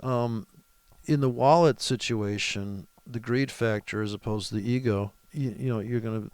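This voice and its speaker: A man's voice: on the low side, steady tone, normal speed, gravelly, no room sound. A man talking through his live forex trades in a rambling, profane and mocking way. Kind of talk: casual live trading commentary.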